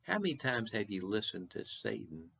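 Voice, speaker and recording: Gravelly-voiced man from Texas preaching. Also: on the low side, sing-song, bright, forceful tone. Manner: earnest, rising and falling emphasis with slow repeated questions. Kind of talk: short devotional sermon.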